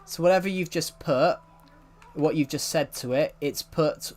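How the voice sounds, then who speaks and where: A man's voice: on the high side, unhurried, darkish tone, soft background music. Rambling young man, English-Welsh accent. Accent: mixed English and Welsh. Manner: rambling, restarts sentences, chats with viewers. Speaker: livestreamer reading chat. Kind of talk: casual live-stream chat.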